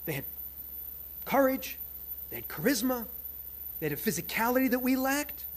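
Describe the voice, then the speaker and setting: A man's voice: extremely high pitch, moderate pace. An older man from New York with a New York accent, giving a humorous storytelling lecture as a professor at a conference. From United States. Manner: animated, humorous, wry asides.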